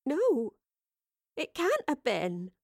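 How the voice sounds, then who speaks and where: A woman's voice: sits high, huge pitch swings, extremely slow, creaky, no echo, studio quality, pitched above the performer's own voice, full character voice. A woman voicing a timid, uneasy young survivor who talks in plain colloquial grammar. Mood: anxious.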